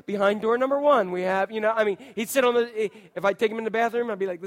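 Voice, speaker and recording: A man's voice: sits high, fast talker. A male pastor preaching a sermon, telling stories with energy and now and then acting out voices. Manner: animated storytelling, acts out voices and shouts. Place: church sanctuary. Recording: long reverb of a church hall.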